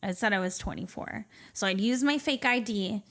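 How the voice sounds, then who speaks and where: A woman from the Portland area of Oregon, USA, is a podcast guest candidly telling her life story in an interview. Her mid-range voice is a bit bright and moderately paced, and her conversational talk is full of fillers like "you know" and "um" plus short, light nervous laughs.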